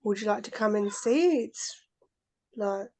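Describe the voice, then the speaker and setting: A woman's voice: medium pitch, unhurried, mellow. A woman, a parent on a coaching video call, talking hesitantly with lots of fillers. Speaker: client parent.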